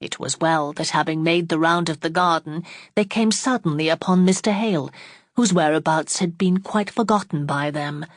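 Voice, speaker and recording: Low-voiced female audiobook narrator, steady and unhurried, dry close sound. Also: no room sound. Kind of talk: classic novel audiobook narration.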